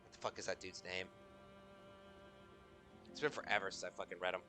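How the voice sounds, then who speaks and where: A man's voice: deep voice, steady tone, a little fast, over music. Tired, profane male game streamer. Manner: loose, profane, rambling. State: tired, yawning. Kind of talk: casual gaming stream chat.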